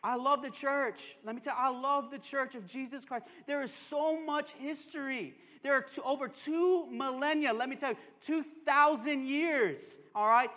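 A man's voice: very high-pitched, normal speed, few pauses, pushed and bright. A man preaching a sermon as pastor, emphatic and conversational, with joking asides and call-and-response. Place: church sanctuary. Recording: long reverb of a church hall.

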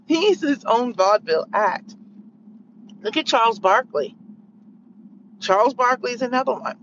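Woman vlogger, mid-pitch, sarcastic and rambling, muffled lo-fi phone audio with faint road noise. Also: animated, normal speed, a bit bright. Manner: sarcastic, rambling, lots of fillers. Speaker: vlogger sharing opinions. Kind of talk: casual opinion monologue.

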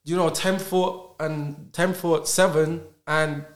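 A man, a podcast guest talking in animated casual conversation and stacking rhetorical questions. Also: fairly high pitch, slow pace. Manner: emphatic, rhetorical questions, acts out dialogues.

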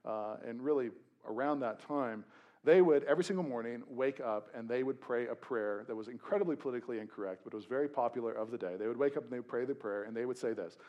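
A man's voice: medium pitch, quick pace, lo-fi sound. Young guy preaching, super conversational, jokes around between bible verses, mid voice. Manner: animated, conversational, jokey asides. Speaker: pastor. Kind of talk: sermon.

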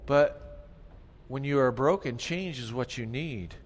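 A man preaching a sermon as pastor, moving between quiet, hushed passages and loud, emphatic ones, repeating key phrases and calling on the congregation to answer. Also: medium pitch, slow pace. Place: church sanctuary. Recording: long hall reverb.

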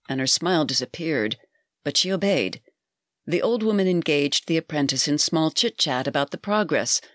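A storyteller giving a measured, deliberate scripted narration of a dark fairy tale. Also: medium pitch, dry recording, clean studio sound.

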